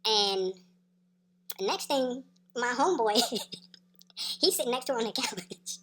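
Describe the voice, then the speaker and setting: A woman's voice: on the high side, animated, slow pace, a bit bright. A woman telling a story in a casual, slangy, profane way, laughing as she goes. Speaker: storyteller vlogger.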